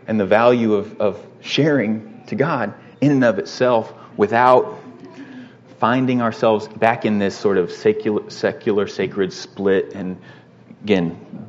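A man teaching a Bible lesson in a conversational way, often pausing with fillers and asking "right?". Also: fairly low pitch, steady tone, highs cut off.

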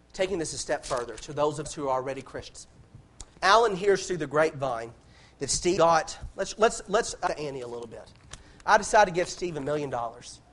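A man's voice: on the high side, a bit bright. A man preaching a sermon in an impassioned way, repeating phrases and restarting lines as he builds.

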